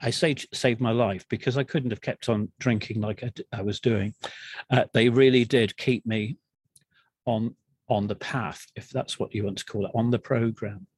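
A middle-aged man, frankly and haltingly telling his own recovery story as a guest in an interview. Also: mid-range voice, fairly even intonation, husky, dry recording. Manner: frank, halting and self-deprecating. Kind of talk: candid personal storytelling.

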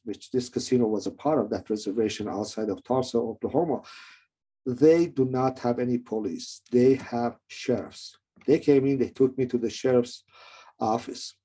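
A middle-aged man with a non-native English accent, telling his own story in a rambling, halting way with many restarts. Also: mid-range voice, dark tone, breathy edge. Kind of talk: personal testimony.

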